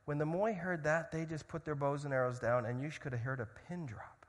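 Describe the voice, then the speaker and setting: A man preaching a sermon, telling a story dramatically and swinging from loud shouts to hushed tones. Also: fairly high pitch, fairly even intonation, fairly quick, hardly any pauses, long reverb tail.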